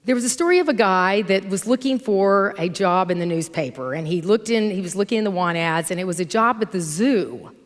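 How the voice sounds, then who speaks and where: A middle-aged woman preaches in an easy, conversational voice at a middle pitch. She tells stories with animation. Her voice rings with the long reverb of a church sanctuary. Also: animated, fairly quick, hardly any pauses. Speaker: minister. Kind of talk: sermon with storytelling.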